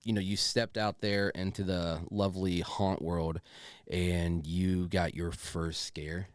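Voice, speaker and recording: A man's voice: sits low, little pitch movement, takes it slowly, clean tone, no room sound, studio quality. A man co-hosting a podcast in loose, enthusiastic casual chat, swearing and saying "dude" often. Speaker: podcast co-host.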